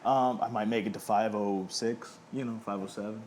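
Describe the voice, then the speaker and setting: A man in his thirties, an independent pro wrestler appearing as a guest, chats casually and self-deprecatingly in an interview. His voice is on the low side and darkish, steady in tone, at a moderate pace, with a little hiss or hum in the recording.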